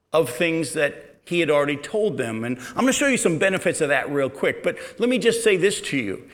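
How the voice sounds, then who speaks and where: A middle-aged man preaching a sermon in a conversational, storytelling way, sometimes dropping to a quiet, low delivery. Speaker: pastor.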